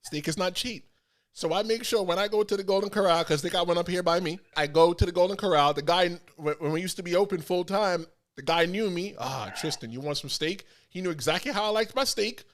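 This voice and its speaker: A man with a fairly high voice hosts a casual chat podcast. He is an animated storyteller who acts out the voices of the people in his stories. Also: fast. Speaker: podcast host.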